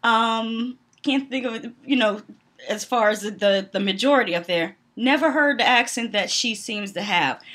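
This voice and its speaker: Speaking at a moderate pace in a fairly high, slightly bright voice, this vlogger is a young adult woman from the Northeastern US. She offers blunt, opinionated takes on a reality TV show, laughing a lot and saying "um" often.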